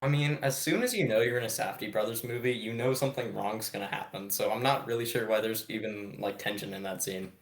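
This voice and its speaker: A young man co-hosting a film podcast, chatting casually with lots of swearing and quick laughs. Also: lowish voice, roomy sound. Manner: profane, quick-laughing, self-interrupting. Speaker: podcast co-host. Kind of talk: casual chat.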